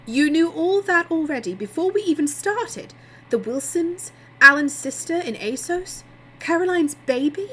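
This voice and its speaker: A woman's voice: sits high, a little slow, darkish tone, husky, voice pushed up, rough recording. A woman voicing an indignant woman demanding answers. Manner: rising, indignant.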